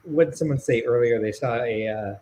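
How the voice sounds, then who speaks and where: A man's voice: medium pitch, fairly quick, mellow, slight background noise, low-quality recording. A man co-hosting a hobby live stream from a video call, chatting casually with teasing banter. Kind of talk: casual chat.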